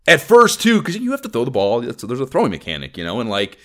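A man's voice: mid-range voice, wildly swooping pitch, fast talker. Rambling, profane man. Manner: rambling, profane, filler-heavy. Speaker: podcast co-host. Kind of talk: casual gaming podcast chat.

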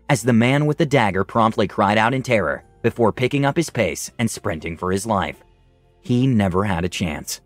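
A man's voice: on the low side, no room sound. A man narrating a first-person fantasy story in a dramatic storytelling manner. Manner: dramatic storytelling, lively rise and fall.

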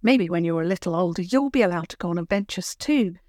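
A woman's voice: fairly low pitch, animated, quick pace, no room sound, clean studio sound, natural voice. Woman doing a brave young princess, kind, earnest, friendly, storybook. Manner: urgent and warm, friendly.

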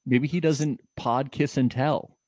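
A man co-hosts a casual recap of a reality show and jokes his way through it. He often acts out what the people on it said, and he stumbles and restarts mid-sentence. His voice sits at a middle pitch and is recorded close and dry. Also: steady tone, slow, darkish tone, dry recording. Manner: joking, acts out quotes, stammers and restarts. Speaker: podcast co-host.

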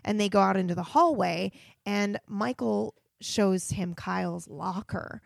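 A woman's voice: medium pitch, measured pace, creaky, no echo. A woman co-hosting a casual TV recap podcast, chatty, retelling scenes and acting out the lines on a close mic. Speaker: podcast co-host.

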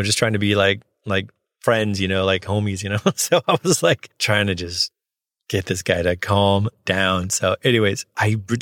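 A man who works as a notary, casually telling a personal story in an animated way and acting out both sides of the conversations. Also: lowish voice, dry recording, clean studio sound. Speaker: notary signing agent.

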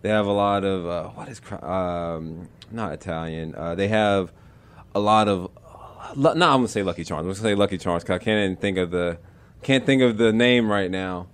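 A man's voice: sits low, moderate pace, clean tone. A young man hosting a casual chat, joking around in an easygoing way and often trailing off mid-thought.

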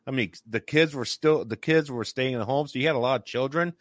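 A man's voice: medium pitch, a little fast, a bit bright, dry recording, clean studio sound. A man hosting a casual discussion, making emphatic points and stopping often to say "okay".

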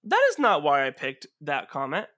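Bright, lively young man hosting. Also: fairly high pitch, no room sound, clean studio sound. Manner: rapid, rambling, laughs often. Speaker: podcast host and player. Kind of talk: casual chat.

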